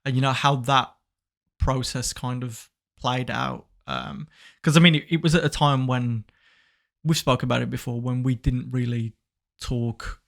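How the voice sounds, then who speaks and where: A young man co-hosting a podcast, gently asking hesitant questions full of restarts. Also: medium pitch, steady tone, a little slow, vocal fry. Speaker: podcast co-host. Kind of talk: casual supportive conversation.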